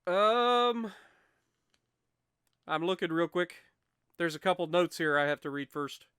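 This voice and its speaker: A man's voice: high voice, animated, measured pace, pushed and bright, smooth, no echo, studio quality. A man hosting a gaming channel, reading out challenge rules steadily with wry asides and self-corrections into a desk microphone.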